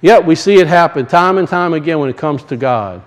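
High-voiced man preaching a sermon. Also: lively intonation, poor audio. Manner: impassioned, conversational preaching with drawn-out emphasis; reads scripture aloud slowly and deliberately.

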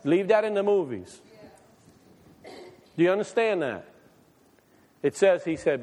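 Preaching a sermon in a church hall, a man with a high, animated, slightly mellow voice speaks a little slowly and pauses often. He fires rhetorical questions at the congregation and reads scripture aloud, and the hall gives a long reverb.

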